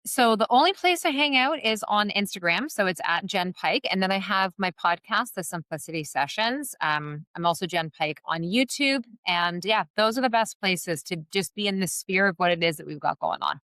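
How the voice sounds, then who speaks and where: A woman with a mid-range, fairly bright voice and lively intonation guests on a podcast as a wellness business founder, speaking at normal speed with hardly any pauses. Earnest and encouraging, she chats casually in interview, often saying "like" and "you know." Studio quality, no room sound.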